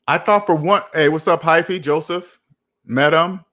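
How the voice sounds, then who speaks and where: Emphatic man with a higher voice. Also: normal speed, bright, forceful tone. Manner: emphatic, repetitive, rhetorical questions. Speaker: personal finance host. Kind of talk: livestream talk to chat.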